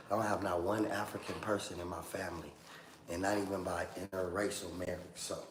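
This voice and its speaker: A man from Oakland, California, hosting a livestream with rambling, slangy talk aimed straight at his viewers. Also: lowish voice. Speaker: livestream host. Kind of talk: casual livestream rant. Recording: echoey room with faint ambient noise.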